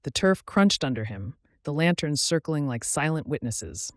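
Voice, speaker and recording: A man narrating a romance audiobook in a soft, intimate, unhurried way on a close studio mic. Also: on the high side, lively intonation, dry recording.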